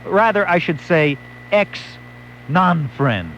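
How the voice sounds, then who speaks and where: A man's voice: on the high side, animated, normal speed, slight background noise. A male late-night radio host, telling a wry story and acting out quotes. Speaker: radio talk show host. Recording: dull lo-fi AM radio recording.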